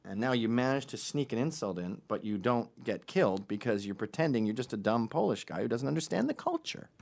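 Brief: middle-aged male comic, profane and sardonic, pitch swings all over. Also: lively intonation, a little fast, creaky, darkish tone. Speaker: comedian. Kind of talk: comedic monologue.

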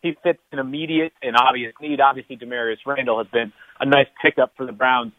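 A man's voice: mid-range voice, steady tone, fairly quick, no echo. Man analyzing over a tinny phone line. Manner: rambling, many restarts and fillers. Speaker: guest analyst. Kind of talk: phone-in radio sports analysis.

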